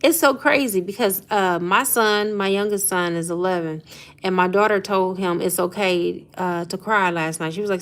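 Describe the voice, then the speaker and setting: A woman's voice: medium pitch, normal speed, fairly bright tone. A woman in her thirties or forties hosting a casual live stream, chatting with viewers about zodiac signs, laughing often and calling them "honey" and "y'all". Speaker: live stream host doing astrology readings.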